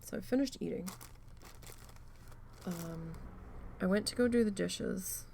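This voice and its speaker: Crafting host, woman, gravelly fry, rambly storyteller with lots of ums, faint noise. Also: lowish voice, a little slow. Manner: rambling, animated, swears freely, many fillers. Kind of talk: casual storytelling while crafting.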